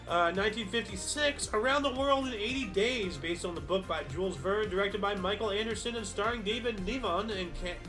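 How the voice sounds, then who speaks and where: A man's voice: high voice, a bit bright. A man hosting a casual history stream, reading dates aloud and then musing to himself in loose, rambling asides. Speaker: history show host. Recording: faint background music.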